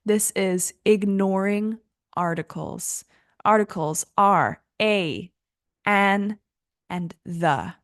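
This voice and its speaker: A woman's voice: mid-range voice, drawn-out words, dry recording, clean studio sound. A young woman teaching an English lesson in a casual, chatty way, laughing easily at her own slips.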